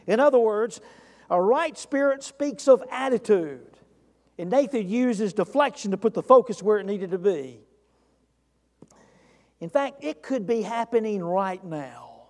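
A man's voice: sits high, animated, a little slow, darkish tone, big-room sound. A man preaching a sermon as pastor of a church, talking earnestly and putting direct questions to the congregation.

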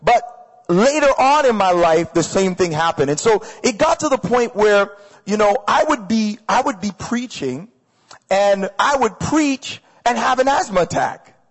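A man with a fairly high voice preaches a sermon, energetic and conversational. He drives points home by repeating short phrases and speaking straight to the listeners. The sound carries a long reverb from a large hall. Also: measured pace. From Canada. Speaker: pastor. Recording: echoey hall.

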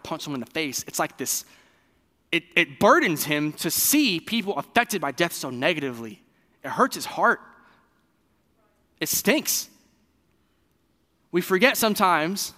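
A man preaching a sermon in a conversational, animated way, with fillers and restarts. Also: a little high, in a large hall. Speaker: pastor.

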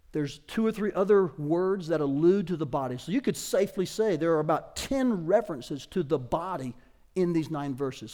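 Emphatic high-voiced male pastor preaching. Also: darkish tone. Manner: emphatic, rising in pitch and volume on key points, slowing to stress words. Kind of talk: sermon.

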